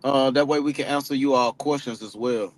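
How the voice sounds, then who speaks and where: A man's voice: medium pitch, brisk. A man coaching cold calling in a casual live chat, talking loosely with many restarts and acting out both sides of phone calls. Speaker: real estate coach.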